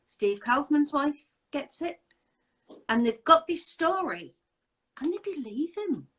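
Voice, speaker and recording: A woman's voice: high-pitched, lively intonation, takes it slowly, a bit bright, rough recording. A woman hosting a casual interview chat, talking in an indignant, emphatic way with many rhetorical questions. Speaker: host.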